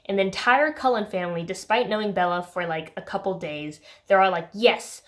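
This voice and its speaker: A woman's voice: mid-range voice, a little fast, fairly bright tone. A young woman vlogging about a book she read, chatty and sarcastic, full of filler words. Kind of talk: casual chat.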